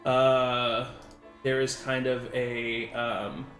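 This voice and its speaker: A man's voice: mid-range voice, little pitch movement, very slow, fairly bright tone. Male game master, rambling, lots of fillers, echoey room, faint music behind. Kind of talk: narrating a tabletop game.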